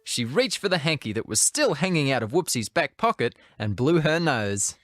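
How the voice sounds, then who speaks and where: A narrator reading a children's storybook with lively expression. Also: mid-range voice, normal speed, no echo, clean studio sound, soft background music.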